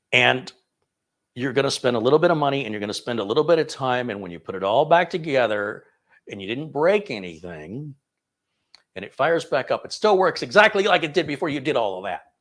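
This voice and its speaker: This man's mid-range voice has a fairly bright tone. As a tech channel host fielding viewer questions in a casual live computer Q&A, he's talkative and prone to digressions, often amused by himself.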